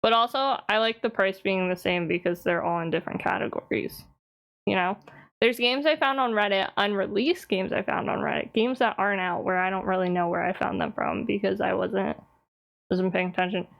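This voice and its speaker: A woman's voice: medium pitch, brisk, vocal fry. Chatty, teasing woman streamer. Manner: chatty and teasing, answers chat, laughs often. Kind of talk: casual live-stream chat.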